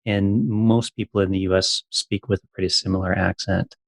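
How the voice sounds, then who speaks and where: A man hosting a casual interview, talking in an encouraging, halting way. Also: low-pitched, level tone, gravelly, dry recording. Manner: encouraging, halting with fillers and restarts. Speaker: podcast host.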